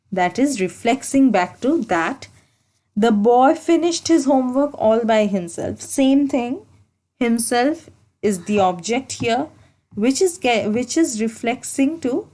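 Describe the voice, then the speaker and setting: A woman with a fairly high voice teaches a grammar lesson for exam students. She speaks slowly and deliberately, repeating key points and correcting herself mid-sentence as she goes. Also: mellow. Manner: slow, deliberate explaining with repetition and self-corrections.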